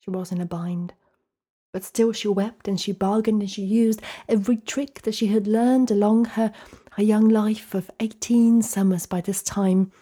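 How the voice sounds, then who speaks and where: A woman storyteller telling a folktale slowly and dramatically, often dropping to a hushed whisper. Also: medium pitch, steady tone.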